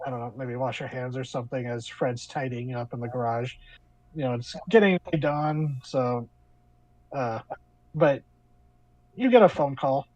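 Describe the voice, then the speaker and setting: A man's voice: mid-range voice, a little slow, long pauses, darkish tone, no room sound, low-quality recording. Man running a tabletop game, loose rambling narration, dry sound. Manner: rambling, filler-heavy. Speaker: game master.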